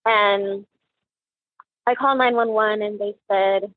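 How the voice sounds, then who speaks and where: A middle-aged mother recounting her daughter's last days, halting and restarting often as she quotes conversations. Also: medium pitch, steady tone, dry recording. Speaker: mother of the victim, recounting events. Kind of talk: personal recollection interview. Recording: tinny phone line, dry.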